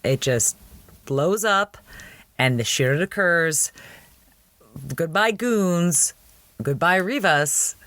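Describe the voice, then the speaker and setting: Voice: mid-range voice, expressive, slow pace, pauses often, fairly bright tone, no echo. Chatty podcast host recapping an episode. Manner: chatty, laughing, incredulous asides.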